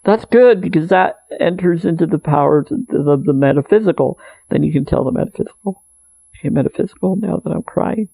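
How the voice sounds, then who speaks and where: A man's voice: fairly high pitch, brisk, gravelly, dark tone, poor audio. A man giving an earnest, meandering spiritual monologue, repeating phrases as he goes. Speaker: spiritual video maker.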